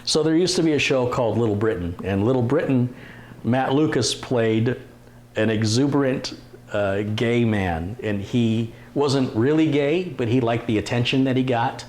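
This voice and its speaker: A man's voice: mid-range voice, a little mellow. Chatty man on a live stream. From Detroit, USA. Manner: chatty, reads out comments with quick asides and laughs. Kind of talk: casual live stream chat reading viewer comments. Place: home computer workshop.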